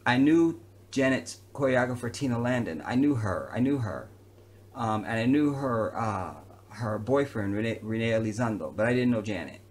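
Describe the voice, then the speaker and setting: Speaking at a moderate pace with medium pitch, a man who entertains for a living recounts a personal story straight to camera. He keeps it lively, casual and full of slang.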